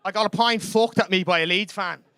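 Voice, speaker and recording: A man's voice: high-pitched, a little fast, pushed and bright, smooth. A young Irish man doing a chatty, self-mocking stand-up comedy set in a club. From Ireland.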